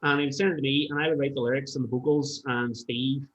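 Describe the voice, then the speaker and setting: A man's voice: mid-range voice, fairly even intonation, fast talker. A man, a musician guest chatting casually and telling stories animatedly, swearing freely. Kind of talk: casual podcast chat. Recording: roomy, dull-sounding room.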